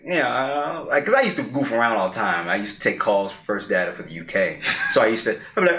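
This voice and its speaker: A man's voice: mid-range voice, quick pace. A man co-hosting a podcast, telling a personal story casually and animatedly acting out what people said. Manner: animated storyteller who acts out quoted lines. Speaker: podcast co-host. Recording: roomy echo.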